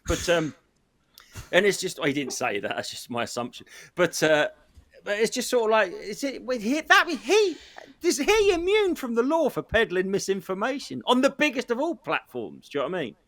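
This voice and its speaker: A man co-hosting a casual political podcast, exasperated and animated, trailing off at times. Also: high-pitched, moderate pace, dry recording. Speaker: podcast co-host. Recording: dry close sound.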